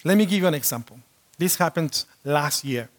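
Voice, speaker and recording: A man preaching a sermon to a congregation, telling a personal story with lively acted-out quotes. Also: fairly high pitch, moderate pace. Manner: animated storytelling, acts out quotes.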